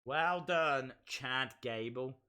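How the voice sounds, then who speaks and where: A man hosting a live stream, reacting to a wrestling show in excitable, chatty, self-mocking commentary. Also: medium pitch, drawn-out words, clear, resonant tone.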